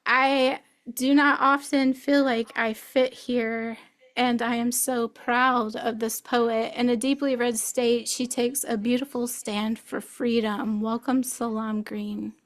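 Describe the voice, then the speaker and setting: A woman from Birmingham, Alabama, reading a poem and then hosting a live poetry fundraiser in an earnest, measured way. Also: a little high, flat delivery. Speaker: event host and poet.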